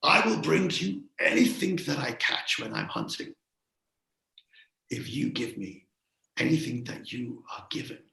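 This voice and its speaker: A man voicing a jolly, hearty lord of a castle in a told story, speaking with big boastful warmth. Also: mid-range voice, sing-song, a little slow, vocal fry, reverberant, full character voice. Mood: bargaining. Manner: roaring laugh, hearty and boastful.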